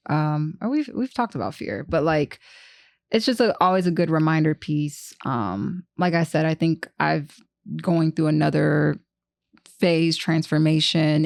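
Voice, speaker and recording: A woman co-hosting a casual chat podcast, talking in animated bursts with restarts and laughing asides. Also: sits low, creaky, no echo. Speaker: podcast co-host.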